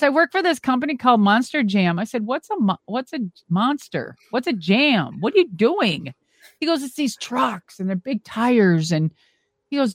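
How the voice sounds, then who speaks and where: A middle-aged woman, a former wrestler and monster truck driver, telling animated stories as a guest and swearing freely. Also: a little high, moderate pace, no room sound. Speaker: interview guest. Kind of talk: casual storytelling.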